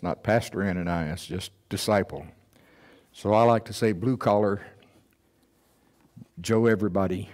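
A man preaching a sermon in a church, acting out scared Bible figures in a high, strained voice. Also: darkish tone. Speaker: pastor. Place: church sanctuary.

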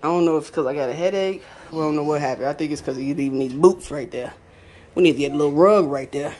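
Cooking in her kitchen, this family vlogger and mom talks to viewers quickly in a low, slightly mellow voice. The chat is casual, covers her cooking, and comes with plenty of laughter.

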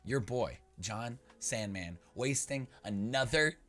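A young man giving casual, rambling gaming commentary as a YouTuber, joking with viewers and breaking into loud playful outbursts. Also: mid-range voice, slow, faint music behind.

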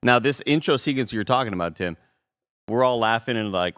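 A man's voice: mid-range voice, brisk, a bit bright, clean tone, dry recording, clean studio sound. A man co-hosting a casual movie review podcast, rambling in a laid-back way and swearing casually. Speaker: podcast co-host.

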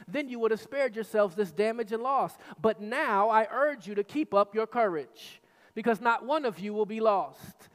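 Pastor, male, high-pitched, forceful repetitive preaching, long church-hall reverb. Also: normal speed. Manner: emphatic preaching with repetition, rising to shouts. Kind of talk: sermon.

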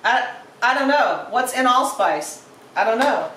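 A woman's voice: a little high, expressive, measured pace, bright, forceful tone, echoey room, distant mic, slight background noise, low-quality recording. A woman hosting a casual cooking demonstration, chatty and playful as she talks through each step. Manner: chatty and playful, narrates steps aloud. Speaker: cooking show host.

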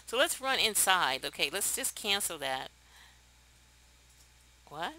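A young woman talks her viewers through a life-sim game in casual commentary. Her voice is very bright and forceful, and her pitch bounces all over the place. She is chatty and excitable and often breaks into laughter. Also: slow pace, a little hiss or hum, poor audio. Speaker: let's play host.

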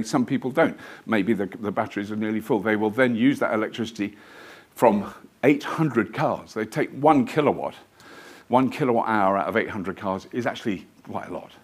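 Chatty man giving a rambling lecture. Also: lowish voice. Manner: chatty, rambling, self-deprecating storytelling. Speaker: guest lecturer. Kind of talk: live lecture to an audience. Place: museum lecture theatre.

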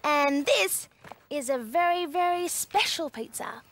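A woman's voice: high-pitched, expressive, measured pace, fairly bright tone, slight background noise. A woman hosting a children's show in a cheerful, encouraging, sing-song manner. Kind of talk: children's TV presenting.

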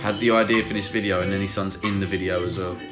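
A man's voice: sits low, fairly even intonation, fast talker, over music. A young man co-hosting a casual band live stream, playful and given to sing-song greetings.

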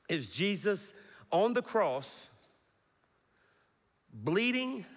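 Middle-aged male pastor, animated sermon, slightly high voice, big hall reverb. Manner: animated preaching with call-and-response. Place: large church hall. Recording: long reverb of a large hall.

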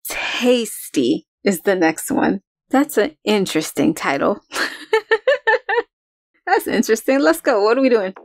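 A woman reacting to an album in casual commentary, excitable, swearing a lot and breaking into exclamations and laughter. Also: on the low side, no room sound. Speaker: music reaction host. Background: song playing faintly.

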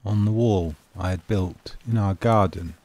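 A man recalls a small memory in an unhurried, wistful narration. His voice sits low, with a gravelly edge, and faint noise hums underneath. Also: mellow. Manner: measured, wistful storytelling. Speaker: home renovation vlogger. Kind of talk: slow reflective narration.

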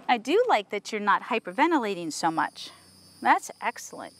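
A woman horse trainer working a horse outdoors, explaining to viewers and softly praising the horse as she goes. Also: mid-range voice, very animated, moderate pace. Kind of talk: instructional training video.

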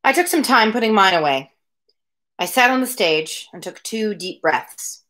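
A woman's voice: mid-range voice, lively intonation, normal speed, pushed and bright. A woman reading a novel aloud on a home livestream, breaking off now and then for chatty asides to her viewers. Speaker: reader of a daily livestreamed book reading. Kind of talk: read-aloud livestream narration. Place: home room with window blinds.

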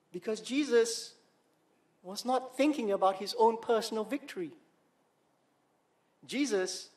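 Male pastor preaching, high-pitched, emphatic, pauses for weight. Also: a little mellow. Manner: emphatic, slow dramatic pauses on key words; rhetorical questions to the congregation. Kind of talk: sermon.

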